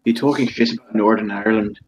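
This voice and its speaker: Low-voiced man cracking quick jokes. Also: steady tone, a little hiss or hum. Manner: quick jokey interjections, talks over others. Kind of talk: casual chat.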